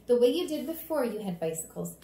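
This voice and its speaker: A woman's voice: a little high, very animated, quick pace, mellow, voice pushed up. A woman voicing a caring mother in a storybook reading, firm and earnest. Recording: roomy echo.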